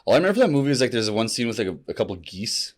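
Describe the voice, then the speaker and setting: A man's voice: medium pitch, sing-song, very fast. A young man co-hosting a casual chat, blunt and joking, swearing freely. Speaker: co-host.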